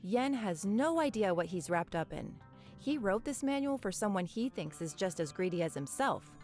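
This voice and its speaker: A sharp-tongued woman investigator, played by an actress speaks in a video game with a dry, sarcastic wit. Her pitch sits in an ordinary middle range but rises and falls with a lively swing. Faint music plays under her lines. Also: moderate pace, lightly acted. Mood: wry. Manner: sarcastic and wry.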